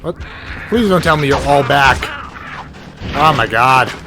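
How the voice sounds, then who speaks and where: A man giving rambling, excitable gameplay commentary as the host of a let's play, often cutting himself off mid-thought and swearing casually. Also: medium pitch, measured pace. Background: game music and sound effects.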